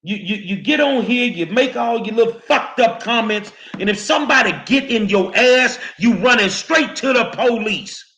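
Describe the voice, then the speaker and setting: A man's voice: extremely high pitch, animated, normal speed, few pauses, pushed and bright. Angry, profane man ranting at viewers. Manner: angry, profane, confrontational, repeats words. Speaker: show host. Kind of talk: heated commentary addressed to viewers.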